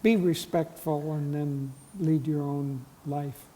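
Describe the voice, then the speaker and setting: A man serving as a spiritual teacher, giving calm, gentle advice in a talk. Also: fairly high pitch, a little hiss or hum. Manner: slow, calm, gentle counsel. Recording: long hall reverb.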